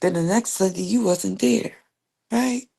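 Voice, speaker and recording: A woman's voice: mid-range voice, measured pace, creaky, dark tone, slightly rough. A woman hosting a livestream, speaking straight to an absent opponent in a confrontational, rambling rant that repeats itself. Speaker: livestream host. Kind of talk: direct-address livestream rant.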